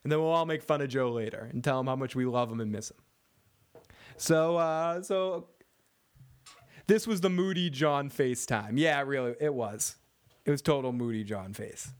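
A man's voice: mid-range voice, normal speed. A man hosting a casual TV recap show, joking and swearing as he rambles and reads chat comments. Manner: profane, joking, rambling with frequent laughs. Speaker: podcast host reading chat comments.

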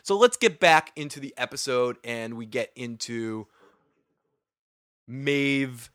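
A man's voice: mid-range voice, expressive, slow, fairly bright tone, dry recording, studio quality. A young man from Boston with a Boston accent, hosting a casual live recap chat, rambling and swearing freely with frequent laughs. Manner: profane, rambling, laughs often. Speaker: livestream show host.

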